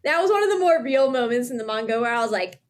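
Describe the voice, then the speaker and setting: A woman hosts a podcast in relaxed conversation, retelling scenes with lots of energy and breaking into laughter often. Her voice sits fairly high, and she slips into character voices as she goes. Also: quick pace. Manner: animated storytelling, acting out characters, laughs often. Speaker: podcast host. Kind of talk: casual chat.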